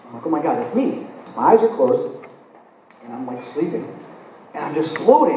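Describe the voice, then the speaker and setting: A man lectures on spiritual matters in a lively, storytelling way, his pitch a touch high and swinging widely as he acts out his own reactions. He was recorded from out in the audience, so the voice sounds distant in a very echoey room, with a faint hum of room noise behind. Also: normal speed, pauses often, muffled recording. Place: lecture hall.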